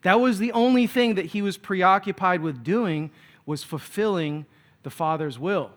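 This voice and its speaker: A man's voice: high voice, unhurried. A man of Filipino background preaching a sermon, telling stories with humor and acting out the voices he quotes. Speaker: pastor.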